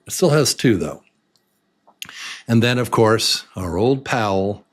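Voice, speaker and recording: A man teaching English to beginners, saying words slowly and breaking them into beats in an encouraging, patient way. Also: mid-range voice. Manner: slow, drawn-out words broken into beats. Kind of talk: slow beginner lesson.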